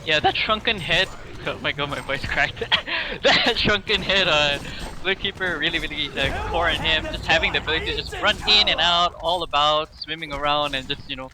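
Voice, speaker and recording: A man's voice: a little high, brisk, a crowd in the background, poor audio. A man giving casual, rambling esports color commentary full of fillers and laughs.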